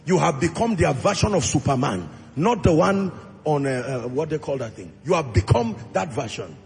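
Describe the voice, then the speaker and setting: A man preaching a sermon as pastor, acting out short dialogues and rising into shouted prayer. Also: fairly high pitch, lively intonation, normal speed, vocal fry. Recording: music under voice in a large reverberant hall.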